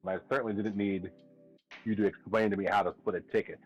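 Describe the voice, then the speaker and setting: A man with a husky, somewhat low voice, chatting as a guest on a casual podcast. He retells arguments by quoting himself and laughs often. The recording sounds dull and lo-fi, with faint music behind. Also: flat delivery, fast, a little mellow. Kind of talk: casual chat.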